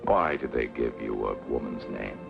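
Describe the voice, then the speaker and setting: An actor playing a weary wounded male Roman centurion in a 1960s film dub, talking in a gruff, brusque way. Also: extremely low pitch, normal speed. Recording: dull old film sound with music.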